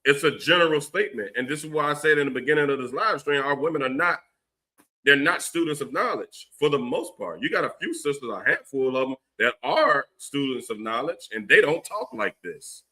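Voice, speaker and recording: A man with a Philadelphia accent hosting a livestream, ranting forcefully and preachily, with long runs of stammered fillers. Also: medium pitch, animated, a little fast. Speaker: livestream host giving religious commentary. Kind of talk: heated livestream rant.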